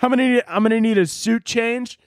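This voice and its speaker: A man's voice: very high-pitched, a little fast, no echo, studio quality, pitched above the performer's own voice. A man doing a crude, offhand old politician. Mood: joking. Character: older male politician, crude and casual.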